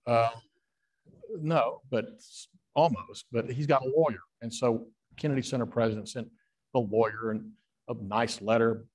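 A man, a guest author, telling rambling stage anecdotes with frequent filler pauses. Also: lowish voice, steady tone, darkish tone.

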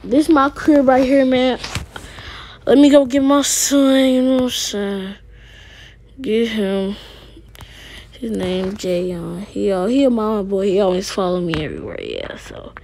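A woman's voice: medium pitch, very animated, a little slow, vocal fry, a little mellow. A woman talking casually to viewers while playing a life-sim game, rambling in slang. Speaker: gaming vlogger. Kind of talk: casual game commentary with role-play.

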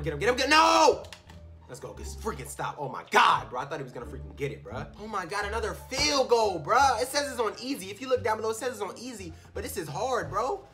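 A man plays a football video game in his room and talks through every snap in loose slang. His voice is very animated, dropping to low grumbles and then leaping into shouts. Music plays clearly underneath him. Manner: excitable, swings from muttering to shouting, slangy. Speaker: gaming YouTuber. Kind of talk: live gameplay commentary. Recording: music playing behind.

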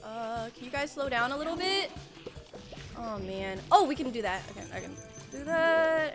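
A woman's voice: fairly high pitch, lively intonation, normal speed. A young woman streaming a game, rambling and panicking aloud as she plays. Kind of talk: casual gameplay livestream. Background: game music.

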